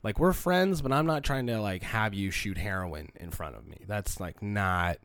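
A man's voice: on the low side, moderate pace, fairly bright tone, dry recording, clean studio sound. A young man hosting a solo podcast, sick with a cold, talking in a rambling, candid, profane and emotional way. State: sick with a cold, congested and coughing. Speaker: podcast host.

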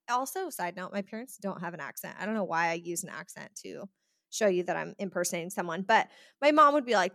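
A woman's voice: on the low side, expressive, quick pace, vocal fry, a bit bright, dry recording, studio quality. A woman hosting a podcast in a chatty way, often acting out the voices of people she quotes. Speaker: podcast host. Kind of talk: casual podcast talk.

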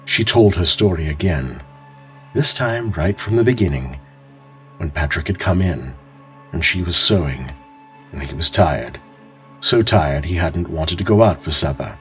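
A man hosting and narrating a calm mystery story in a measured, expressive way. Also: low voice, soft background music. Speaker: host and narrator.

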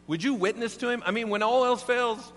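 A man's voice: extremely high pitch, a little fast, a bit bright, voice pushed up. A man voicing an exasperated prison warden with a wry, offhand manner. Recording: long hall reverb, faint hum.

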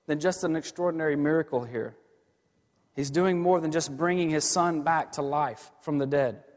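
Preaching man in an echoing hall. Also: a little high. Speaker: pastor. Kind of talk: sermon. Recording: long hall reverb.

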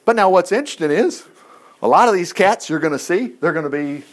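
An older male preacher with a notably high voice works through Bible passages, breaking off between verses with folksy jokes and chatty asides. He sounds like he is talking with the congregation rather than lecturing them. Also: lively intonation, fairly quick. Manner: folksy, joking, conversational. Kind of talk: sermon with Bible reading.

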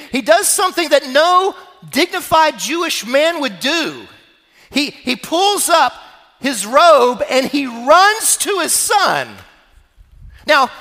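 A man's voice: very high voice, sharp tone. A man pastor preaching a sermon, telling a story dramatically. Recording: long reverb of a church hall.

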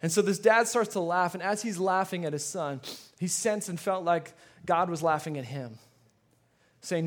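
High-voiced man preaching a sermon. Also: normal speed. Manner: storytelling with repeated words and rising emphasis. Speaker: pastor.

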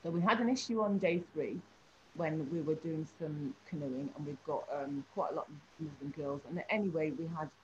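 A woman tells a story from her teaching work, full of life and acting out each person she describes. Her voice sits at a middle pitch. The recording is a little dull, with a faint hum behind her. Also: moderate pace. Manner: animated storytelling, acts out the people she describes. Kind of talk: anecdote in an interview.

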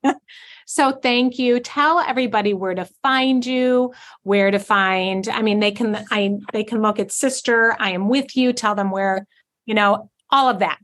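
A woman hosting a casual podcast interview, affirming her guest often and agreeing out loud. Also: medium pitch, measured pace. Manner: warm, affirming, lots of agreement sounds. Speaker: podcast host.

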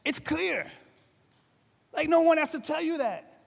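Man, pastor, sermon, conversational, animated, high-pitched, reverberant hall. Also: a little slow, gravelly. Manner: conversational, animated, acts out quoted voices.

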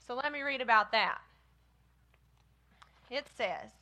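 Bright-voiced woman teaching kids. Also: fairly high pitch, slow, long pauses. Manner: lively, talks straight to kids. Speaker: children's minister. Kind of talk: children's sermon.

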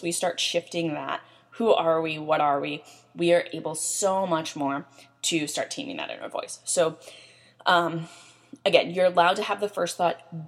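A young woman hosts a casual self-help podcast. Her voice sits a little low, and she talks in a loose, chatty way. She leans on fillers and keeps checking in with "right?". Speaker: podcast host.

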